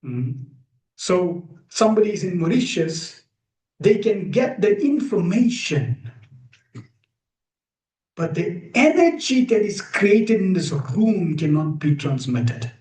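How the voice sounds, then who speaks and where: Male spiritual teacher, emphatic slow delivery, rhetorical questions, reverberant room. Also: sits high, very animated, darkish tone. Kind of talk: devotional talk to a live group. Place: room with a gathered audience. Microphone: streamed live over video call. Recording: echoey room.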